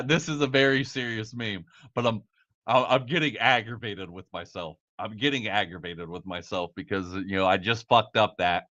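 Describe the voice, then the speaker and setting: Guy doing a live podcast, swears a ton, laughs off his flubs, bright punchy voice, kinda muffled lo-fi mic. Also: on the low side, moderate pace. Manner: swears a lot, laughs off his own mistakes. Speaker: podcast host. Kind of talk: casual live podcast talk.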